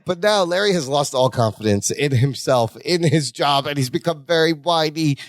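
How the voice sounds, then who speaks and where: A man's voice: a little high, normal speed, no room sound. A man co-hosting a podcast, playfully recapping a sitcom episode and mimicking the characters' voices. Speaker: podcast co-host. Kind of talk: casual chat recapping a sitcom.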